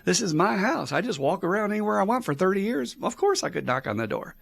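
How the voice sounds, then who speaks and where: A man voicing a kindly older mother with a gentle, apologetic manner. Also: mid-range voice, sing-song, fast, creaky, husky, pitched above the performer's own voice, exaggerated voice.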